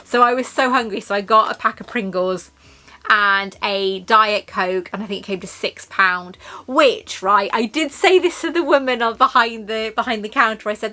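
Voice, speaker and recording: A woman's voice: fairly high pitch, moderate pace. A woman vlogging in a chatty, storytelling way, full of asides about her shopping haul. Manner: chatty and warm-hearted, storytelling with many asides. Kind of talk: casual shopping haul chat.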